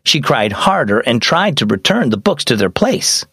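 Dry, animated male children's storyteller. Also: medium pitch, moderate pace, breathy edge, no echo. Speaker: host of children's devotional show. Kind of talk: scripted narration for children.

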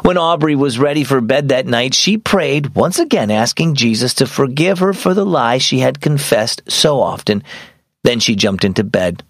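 A man hosting a children's devotional program, narrating a scripted story in an upbeat, expressive way. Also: medium pitch, moderate pace, no room sound, studio quality.

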